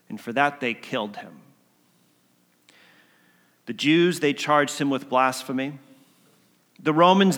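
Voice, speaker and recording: A man telling a story as a sermon, swinging between emphatic lines and hushed ones. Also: a little high. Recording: long hall reverb.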